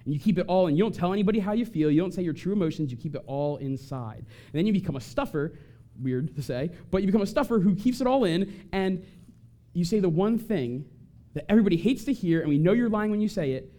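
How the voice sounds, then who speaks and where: A man giving an animated talk to an audience and acting out short quoted voices. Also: sits high, fast. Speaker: speaker on family conflict.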